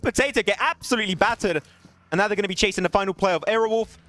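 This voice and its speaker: Fast, high-voiced young male esports caster. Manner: excitable, rising to shouts at big plays, laughing apologies to chat. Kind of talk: solo live esports play-by-play.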